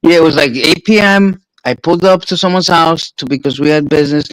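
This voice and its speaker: A man's voice: fairly high pitch, a little fast, dry recording, low-quality recording. A man with a New York accent, a streamer swapping stories in a casual, profane chat. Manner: profane, animated storyteller.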